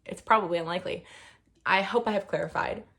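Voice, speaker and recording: A woman's voice: on the low side, fast talker, vocal fry, fairly bright tone. A woman reviewing books in a casual, rambling chat, full of fillers and gushing enthusiasm. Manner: rambling, with many fillers and restarts. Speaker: book reviewer.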